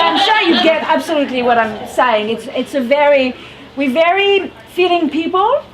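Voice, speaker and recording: French-accented woman, high voice, lively and expressive, casual talk to young people, noisy room. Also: normal speed, a loud crowd. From France. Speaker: guest speaker at a youth group. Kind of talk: casual talk to a youth audience.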